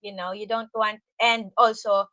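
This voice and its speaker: A woman from the Philippines with a Filipino accent, co-hosting a casual livestream, chatty and quick to laugh, choosing her words carefully. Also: mid-range voice, flat delivery, sharp tone, no echo, rough recording. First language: Tagalog. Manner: chatty, laughs often, careful deliberate phrasing. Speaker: livestream co-host.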